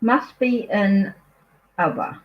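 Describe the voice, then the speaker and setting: A woman's voice: mid-range voice, slow, highs cut off. A woman with a New Zealand accent, a tarot reader chatting casually at home on a live stream, easily distracted, apologetic and thinking aloud.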